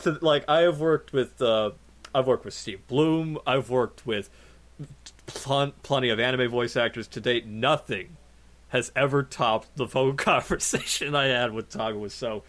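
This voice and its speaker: A man, a video reviewer, telling a story in casual podcast chat, animated and laughing often. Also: medium pitch, a little slow.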